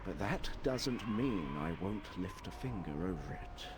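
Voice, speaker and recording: A solemn old wizard. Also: male voice, low voice, expressive. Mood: grave. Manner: solemn, measured and lecturing. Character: grave old male wizard, a Harper. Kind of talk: video game voice acting. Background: game music.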